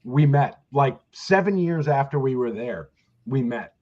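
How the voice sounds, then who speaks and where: A man's voice: medium pitch, animated, measured pace, highs cut off. A man hosting a casual chat, joking and blunt, who swears freely. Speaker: podcast host.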